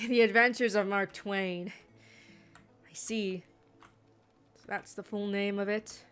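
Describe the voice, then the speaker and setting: A woman's voice: mid-range voice, fairly even intonation, slow, a bit bright, faint music behind. A woman giving casual gameplay commentary, rambling with sarcastic asides. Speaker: gaming streamer.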